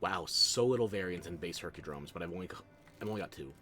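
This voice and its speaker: A man's voice: low voice, animated, fast, bright, forceful tone, a little hiss or hum. A man chatting casually with viewers while streaming a game, playful and self-deprecating, talking into a close desk microphone. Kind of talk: casual live-stream chat while playing.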